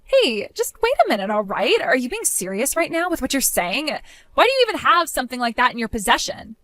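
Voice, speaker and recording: A spiteful young woman who mocks and whines, as a woman acts her out, her voice high and swinging wildly up and down. She sounds petty and childish. Recorded close and dry. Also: big pitch swings, a little fast, a bit bright, no echo. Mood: indignant. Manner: mocking, whiny, pleading. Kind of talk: amateur voice drama.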